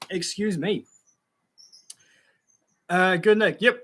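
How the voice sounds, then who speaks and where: A young Australian man hosts a casual YouTube live stream, reading the chat and greeting viewers by name in a friendly way with lots of fillers. His voice is high-pitched, a bit bright and slightly rough, and he speaks very slowly.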